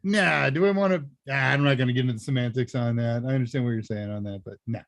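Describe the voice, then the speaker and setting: A man's voice: mid-range voice, fast talker, hardly any pauses, no room sound, studio quality. A man hosting a live tech Q&A, chatting casually and rambling with chuckling asides. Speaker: host and senior instructor. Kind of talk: casual livestream Q&A chat.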